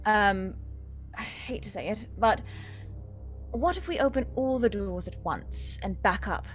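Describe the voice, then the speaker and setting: A woman's voice: medium pitch, animated, unhurried, soft background music. A woman playing a tabletop game, asking lots of questions in casual talk. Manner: inquisitive, asks many questions. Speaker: player.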